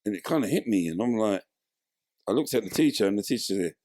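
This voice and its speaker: A man's voice: lowish voice, quick pace, no room sound, studio quality. A man, telling his story in a casual interview and acting out the voices of people in it. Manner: animated, acts out voices in his stories. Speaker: interview guest, former footballer.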